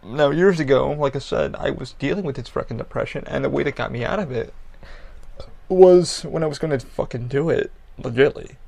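A man in a middle voice range, gravelly with a rough fry at the ends of phrases. He hosts a personal podcast and talks bluntly and profanely, circling back and restarting his sentences as he goes. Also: medium pitch, fairly quick, darkish tone. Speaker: podcast host. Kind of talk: candid personal podcast monologue.

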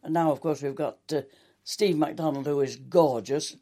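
Older woman, mellow voice, chatty reminiscing, acted-out quotes. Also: deep voice, normal speed. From England. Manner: chatty, warm anecdotes with quoted dialogue. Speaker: soap actress. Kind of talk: reminiscing interview.

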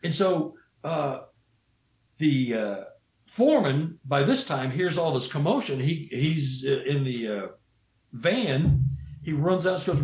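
A man's voice: on the high side, expressive, takes it slowly, a little mellow. A man telling a story in a casual, rambling way, often restarting his sentences and saying "you know.". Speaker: guest storyteller. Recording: roomy echo.

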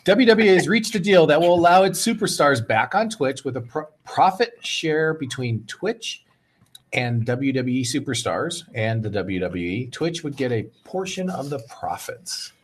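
A man's voice: mid-range voice, lively intonation, moderate pace, breathy edge. A man co-hosting a podcast, joking around, laughing often and reading out news items. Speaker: podcast co-host. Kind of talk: casual chat.

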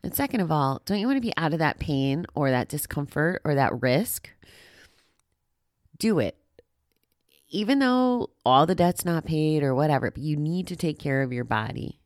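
Low-voiced woman chatting casually. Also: expressive, moderate pace, darkish tone, dry recording, clean studio sound. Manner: chatty, rambling, self-deprecating with frequent "like". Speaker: podcast host on gambling recovery. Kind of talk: casual personal talk to listeners. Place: walking outdoors.

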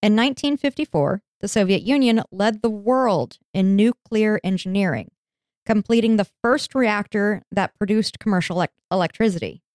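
Clear-voiced woman narrating a history podcast. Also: medium pitch, moderate pace, a little mellow, dry recording, clean studio sound. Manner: laughs easily, jokey asides. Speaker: podcast host.

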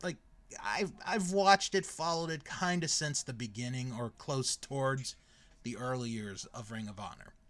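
A man's voice: medium pitch, normal speed. A man in his thirties hosting a casual podcast chat, telling stories with lots of fillers. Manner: lively storyteller with frequent fillers and laughs. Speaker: podcast host.

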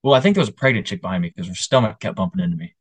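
A man's voice: on the low side, rapid-fire, breathy edge, no echo. A young man co-hosting a casual podcast, telling stories with animation and acting out other people's voices. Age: young adult. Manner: animated storyteller, puts on voices. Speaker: podcast co-host. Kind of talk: casual chat.

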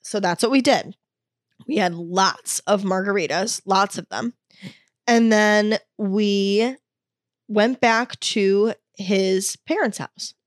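A woman's voice: mid-range voice, slow, dry recording. Young woman vlogger, confessional and candid, swears freely, dry close sound. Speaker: wellness vlogger. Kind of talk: confessional storytelling.

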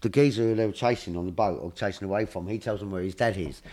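Animated man retelling film scenes. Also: lowish voice, quick pace. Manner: animated, acts out lines and sound effects. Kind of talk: casual film chat.

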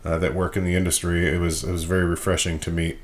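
A man with a very low, deep voice hosts a casual podcast. He rambles through his points with plenty of fillers and pokes fun at himself. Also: little pitch movement, quick pace. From Michigan. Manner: rambling, self-deprecating, frequent fillers. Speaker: podcast host.

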